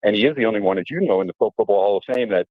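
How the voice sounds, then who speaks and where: A middle-aged man from New Jersey, a radio guest, telling animated stories full of fillers and acted-out quotes. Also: on the low side, rapid-fire, breathy edge, dry recording. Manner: animated storyteller, fillers, mimics voices. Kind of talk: casual radio storytelling. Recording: tinny phone-line audio.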